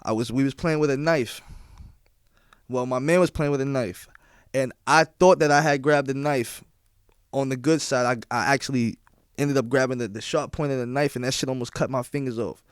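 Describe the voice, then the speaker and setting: A man's voice: mid-range voice, normal speed, clear, resonant tone, no echo, clean studio sound. A young man, a DJ being interviewed on a podcast, telling stories in casual slang and often asking "you feel what I'm saying?". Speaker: guest DJ.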